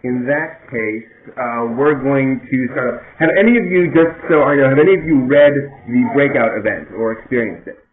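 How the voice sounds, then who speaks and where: A man running a tabletop game as game master, explaining the rules and setting the scene in a halting way, full of ums and restarts. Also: medium pitch, expressive, echoey room. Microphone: voice chat. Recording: tinny voice-chat line, faint hiss.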